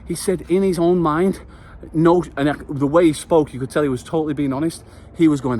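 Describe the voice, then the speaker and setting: A man with a fairly high voice speaks in a motivational vlog, earnest and passionate, swearing now and then. He talks just after finishing a workout. A faint hum of traffic sits behind him. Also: a little fast, few pauses, a little mellow. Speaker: vlogger.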